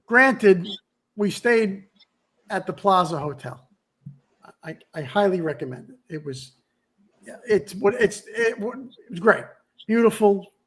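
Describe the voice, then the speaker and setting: A man's voice: high-pitched, a bit bright. A man in his sixties hosting a podcast, chatting casually and rambling with restarts and asides. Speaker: podcast host. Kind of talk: casual chat.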